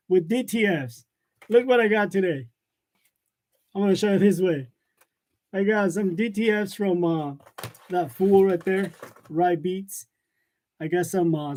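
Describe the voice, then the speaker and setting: Man, high voice, casual live-stream host, chatty, laughs a lot, lapel mic. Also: a little mellow. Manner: chatty, laughs often, loose and joking. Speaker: live-stream host of a print shop channel. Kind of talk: casual live chat, reading comments aloud. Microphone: wireless lavalier.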